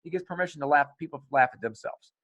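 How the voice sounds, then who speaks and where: A podcast host with a fairly high male voice chats in a loose, energetic way. He swears freely and jumps into acted-out quotes of other people. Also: fast talker. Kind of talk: casual conversation.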